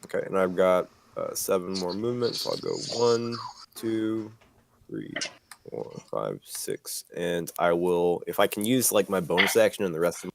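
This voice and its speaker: A man's voice: sits low, big pitch swings, moderate pace, vocal fry, a little hiss or hum. A man playing a tabletop game, thinking aloud as he explains his moves. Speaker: player.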